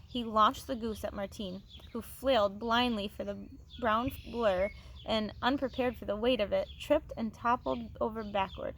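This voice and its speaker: Teacher reading a chapter book aloud, expressive, higher voice, phone mic. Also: female voice, normal speed. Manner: expressive reading with small restarts.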